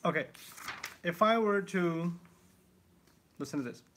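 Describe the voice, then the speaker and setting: A man teaching the Quran in a live question-and-answer session, explaining with lively asides and rhetorical questions. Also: fairly high pitch, a little slow, a little hiss or hum. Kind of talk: live Q&A lesson.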